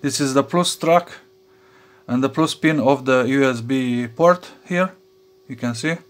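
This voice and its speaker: A man talking through a soldering job at his workbench, with lots of fillers and restarts. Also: medium pitch. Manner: halting, many fillers and restarts, chuckles to himself. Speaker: electronics hobby vlogger. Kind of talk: casual workbench commentary.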